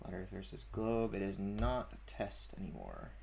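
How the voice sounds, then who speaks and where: Low-voiced man hosting a livestream. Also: wildly swooping pitch, normal speed, creaky, a little mellow, slight background noise. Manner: chatty, chuckling, reads usernames aloud. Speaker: livestream host. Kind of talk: casual livestream chat, reading chat aloud. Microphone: desk mic at a streaming setup.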